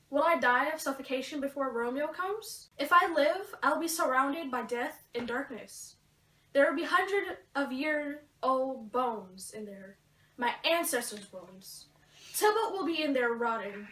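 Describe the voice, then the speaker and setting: A teenage girl playing a frightened young woman in a school play, anxious and halting. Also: sits high, sharp tone, heavily acted. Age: teens. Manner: anxious, halting, talking to herself. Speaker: student actor. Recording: echoey room, from far off.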